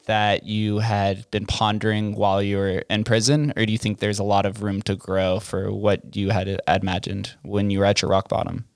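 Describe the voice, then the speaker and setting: Laid-back host guy, lowish smooth voice, dry close mic. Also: little pitch movement, normal speed, hardly any pauses, dry recording. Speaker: podcast host. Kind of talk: casual interview.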